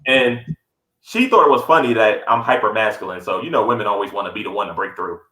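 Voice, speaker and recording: A man's voice: on the low side, fast talker. A man co-hosting a podcast, telling a story in casual chat and acting out the quotes with a raised voice. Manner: animated, acts out quotes in a raised voice. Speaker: podcast co-host. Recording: echoey room.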